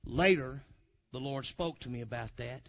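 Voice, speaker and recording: A man telling a testimony in a sermon, swinging from loud hollering to low, quiet asides. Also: normal speed, creaky. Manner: animated storyteller, swings from hollering to low murmurs. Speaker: preacher. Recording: dull lo-fi recording.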